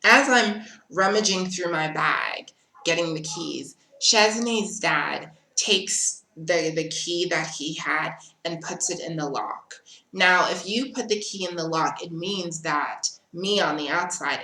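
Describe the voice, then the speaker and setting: A woman vlogger tells a personal story with a low voice and a sharp, bright edge. She recounts it animatedly and acts out other people's lines. The room has a noticeable echo. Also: a little slow. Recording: roomy, echoey room.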